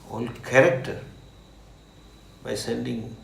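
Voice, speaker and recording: A man with an Indian accent, a swami answering questions in a slow, animated talk with laughing asides. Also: medium pitch, vocal fry. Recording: echoey room with faint ambience.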